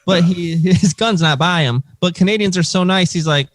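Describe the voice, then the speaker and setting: A man's voice: on the high side, no room sound. A man co-hosting a crude comedy podcast, telling a story and laughing through it. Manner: laughs through his own story, slow animated telling. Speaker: podcast co-host.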